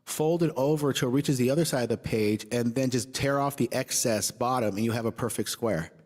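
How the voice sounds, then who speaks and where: A man's voice: mid-range voice, a little fast, a little mellow. A man co-hosting a livestream, talking in a rambling, casual way full of fillers. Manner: rambling, lots of likes and ums. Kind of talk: casual chat.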